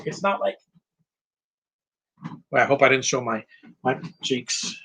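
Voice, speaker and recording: A man's voice: mid-range voice, lively intonation, a little slow, fairly bright tone, slightly rough. A man giving casual live commentary over a film, opinionated and rambling, with frequent fillers and restarts. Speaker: movie commentary host.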